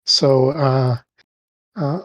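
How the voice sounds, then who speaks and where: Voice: medium pitch, fairly even intonation, very slow, no echo, dull audio. A tabletop player thoughtfully explaining their character, with many hesitations and fillers.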